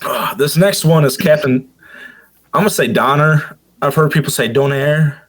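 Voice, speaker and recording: A man's voice: fairly high pitch, moderate pace. A man hosting a podcast, reading story notes aloud and tripping over words now and then. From Michigan. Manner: stumbles over words, laughs at himself. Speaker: podcast host.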